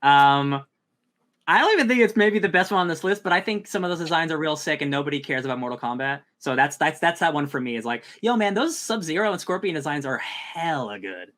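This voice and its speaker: A man's voice: a little high, lively intonation, quick pace, a bit bright. A man co-hosting a casual podcast, talking in an enthusiastic, rambling, slangy way. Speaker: podcast co-host.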